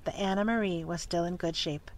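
A narrator reading a children's adventure story aloud at an even, steady pace. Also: medium pitch, fairly quick.

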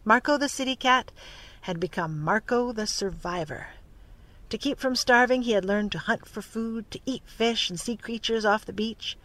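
A narrator reading a storybook aloud in a steady, clear manner. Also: medium pitch, normal speed.

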